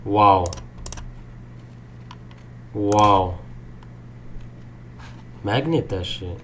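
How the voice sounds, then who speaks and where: A young man livestreaming his day trading, swearing and swinging between low muttering and loud outbursts. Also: extremely slow, a little hiss or hum. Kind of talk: live streaming commentary.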